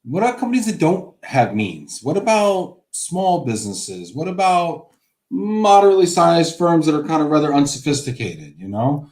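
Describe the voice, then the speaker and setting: A man's voice: on the high side, very animated, moderate pace, darkish tone, echoey room. A man hosting a live stream, joking and reading viewer comments aloud. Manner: jokey, upbeat, reads viewer comments aloud. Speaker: show host. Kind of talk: casual live-stream chat.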